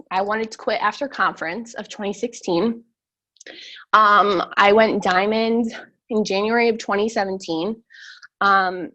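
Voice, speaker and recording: A young woman giving a blunt, animated motivational talk to her sales team over a video call, rambling with lots of fillers. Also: medium pitch, dull audio.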